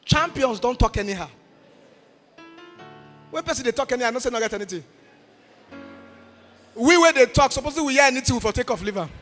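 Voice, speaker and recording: A man with a Nigerian accent preaching a sermon, animated and telling a story with shouts and quiet passages. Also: extremely high pitch, fast talker, pauses often. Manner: animated, shifting between shouts and murmurs. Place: church hall. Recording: reverberant church hall with faint music.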